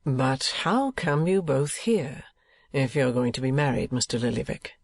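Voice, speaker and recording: A man voicing a polite, earnest young gentleman who speaks in a courteous, measured way. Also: mid-range voice, lively intonation, gravelly, dry recording, clean studio sound.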